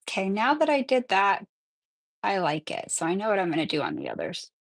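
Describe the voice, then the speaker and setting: Excitable woman with vocal fry. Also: mid-range voice, fairly quick, dry recording. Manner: chatty, excitable, often apologizing. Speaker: nail artist hosting a live tutorial. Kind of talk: casual live-stream tutorial.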